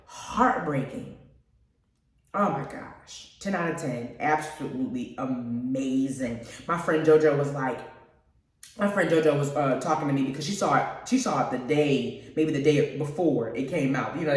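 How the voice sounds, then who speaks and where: Gushing woman host in an echoey room. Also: sits low. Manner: gushing, animated, chatty with listeners. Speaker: radio show host. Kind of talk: casual movie review chat. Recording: very echoey room, mic at a distance.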